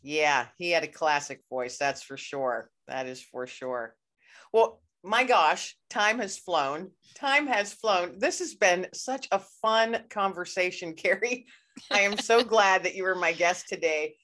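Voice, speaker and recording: A woman hosts a relaxed podcast interview. Her voice sits on the low side, and she talks in a loose, chatty way, full of filler phrases. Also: measured pace. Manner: chatty, rambling, many "you know"s. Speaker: podcast host. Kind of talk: casual conversational interview.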